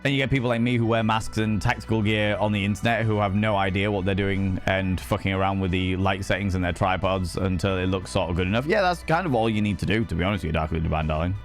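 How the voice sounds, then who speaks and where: A man's voice: fast, faint music behind. Playful man streaming, cheeky. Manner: playful, greets viewers with cheeky pet names; swoops up high for mock grandeur. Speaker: livestreamer. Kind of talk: casual live-stream chat. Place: home streaming room.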